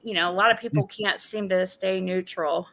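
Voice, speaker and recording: A woman's voice: mid-range voice, normal speed, fairly bright tone. A woman chatting casually on a stream, rambling and hedging as she talks.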